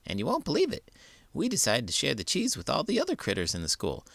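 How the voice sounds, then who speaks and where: A man voicing a chatty, excitable little mouse who tells his tale eagerly and a bit boastfully. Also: medium pitch, quick pace, creaky, no echo, pitched above the performer's own voice, exaggerated voice. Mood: excited.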